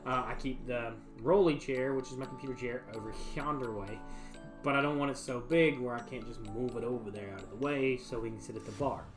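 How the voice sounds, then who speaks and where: A man with a drawl chats to his livestream viewers from a foam-lined home bar room. He rambles in a folksy, easygoing way, full of ums and uhs, at an ordinary middle pitch. Faint music plays quietly behind him. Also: a little fast. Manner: rambling, laid-back, folksy, frequent fillers. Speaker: livestream host. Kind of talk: casual chat to a live stream.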